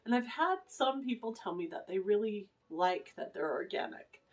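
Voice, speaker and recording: A woman's voice: mid-range voice, expressive, moderate pace, faint music behind. A middle-aged woman vlogging in a casual, rambling way, anxious and emotional, full of fillers and restarts. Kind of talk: casual rambling vlog chat.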